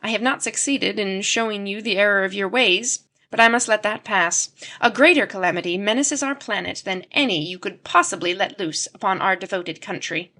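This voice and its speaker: A woman reading the part of an elderly male professor who speaks wearily, calmly and gravely. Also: mid-range voice, normal speed, natural voice. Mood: earnest. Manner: weary, calm, grave.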